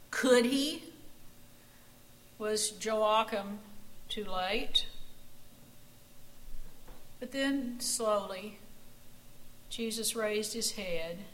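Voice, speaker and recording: A woman preacher telling a dramatic story in a church sanctuary, often hushing her voice to a near whisper. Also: medium pitch, rough recording. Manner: dramatic, hushed storytelling with dropping voice. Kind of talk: storytelling sermon.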